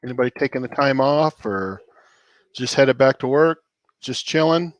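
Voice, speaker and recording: A man's voice: mid-range voice, animated, moderate pace, no room sound, highs cut off. Laid-back man chatting on a livestream. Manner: laid-back, rambling, chuckling often. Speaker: cooking channel host on a livestream. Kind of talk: casual livestream chat.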